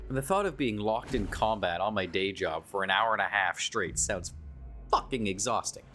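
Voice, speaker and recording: Low-voiced man musing while gaming. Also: expressive, normal speed, bright, forceful tone, faint music behind. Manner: musing, casual, swears freely. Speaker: gaming streamer. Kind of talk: casual gameplay commentary.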